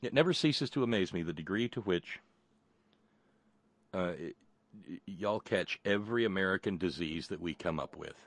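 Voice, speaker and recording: Talk radio host, male, low voice, sardonic rambling, dry studio sound. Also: animated, normal speed, pauses often, no room sound. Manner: rambling, sardonic, stammering restarts.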